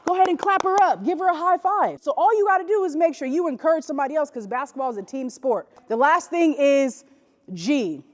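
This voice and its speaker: High-voiced woman coaching in an echoey gym. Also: fairly quick. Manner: energetic call-and-response with the audience. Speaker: youth basketball motivational speaker. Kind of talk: motivational talk to young players.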